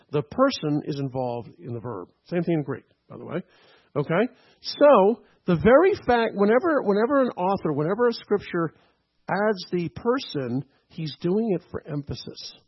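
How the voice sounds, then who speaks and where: A man's voice: a little high, creaky, slightly rough, lo-fi sound. A man preaching a teaching sermon, checking in with "okay?" and "right?" as he explains. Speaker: pastor.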